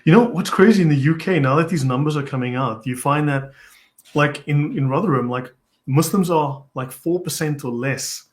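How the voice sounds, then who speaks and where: A man's voice: a little high, normal speed. A man hosting a casual conversational discussion, rambling and often hedging with "I mean". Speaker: host.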